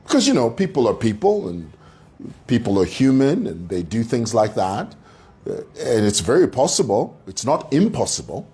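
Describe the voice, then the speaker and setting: A man rails against his target in a mocking, combative commentary. His pitch swings widely as he stresses his points, and he speaks to his listeners like a congregation. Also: very animated, normal speed, dark tone. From Zambia. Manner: combative, mocking, preacher-like address to viewers. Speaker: commentary channel host. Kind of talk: opinionated commentary monologue.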